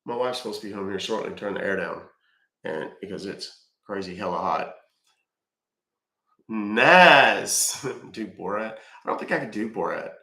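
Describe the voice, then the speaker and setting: A middle-aged man hosting a scambaiting live stream chats folksily with viewers, his voice congested. It sits lowish and is animated yet measured in pace, with vocal fry and a pushed, bright quality, heard in a roomy echo.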